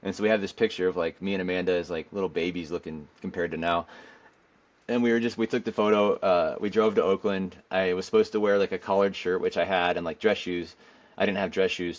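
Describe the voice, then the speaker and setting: A man's voice: sits low, lo-fi sound. A man in his thirties, a podcast guest, telling a long story casually with lots of filler words and acted-out quotes. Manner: rambling, filler-heavy, acts out quoted dialogue. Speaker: podcast guest, former pro pitcher.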